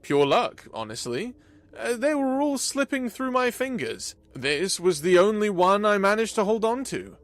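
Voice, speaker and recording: A man's voice: high voice, big pitch swings, unhurried, no room sound, pitched above the performer's own voice, heavily acted. A man voicing an easygoing, modest young human man who speaks casually and plainly.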